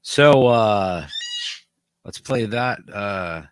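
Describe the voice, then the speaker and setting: A man's voice: lowish voice, animated, extremely slow, a little hiss or hum. A man co-hosting a casual podcast chat, sarcastic and profane, mocking what he talks about. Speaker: podcast co-host.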